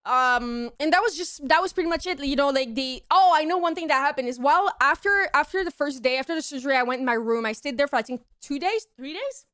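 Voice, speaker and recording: A young woman streamer casually telling a story to her chat, acting out the quoted lines in squeaky high voices. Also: animated, fast, hardly any pauses, a bit bright.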